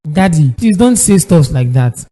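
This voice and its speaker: A man's voice: fairly high pitch, sing-song, a little slow, mellow. A man voicing a distraught young son in a hall. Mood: anxious. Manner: pleading, distressed. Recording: long hall reverb.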